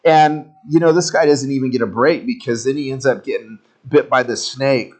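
A man preaching a sermon in a conversational, animated storytelling way with joking asides. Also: medium pitch, normal speed. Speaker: pastor.

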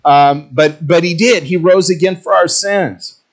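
A man's voice: on the high side, measured pace. Conversational, self-mocking male pastor. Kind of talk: sermon.

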